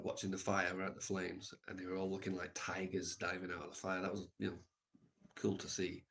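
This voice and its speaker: A man live streaming, telling a reflective story in a soft, halting way with many pauses. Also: sits low.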